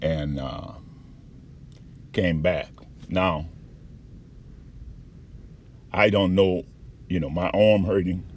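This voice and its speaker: A man giving a candid, profane personal account with halting restarts and frequent fillers. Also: low voice, darkish tone, a little hiss or hum. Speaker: patient recounting an experience.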